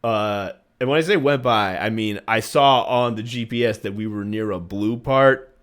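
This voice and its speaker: A man's voice: lowish voice, moderate pace, fairly bright tone. Rambling, profane male podcast host. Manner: rambling, profane, jokey storytelling with many fillers. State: recovering from a virus. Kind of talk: casual chat.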